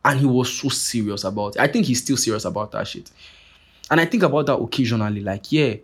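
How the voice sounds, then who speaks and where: Young male podcast host, husky mid-range voice, loose profane solo rant. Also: mid-range voice, fast. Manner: profane, animated, rambling with many restarts. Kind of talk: casual monologue rant.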